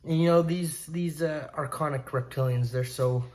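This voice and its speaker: A man hosting his own video channel, talking casually and earnestly to camera. He sounds excitable and often fills gaps with "uh" and "you know.". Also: a little high, normal speed. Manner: earnest, excitable, many fillers. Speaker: channel host.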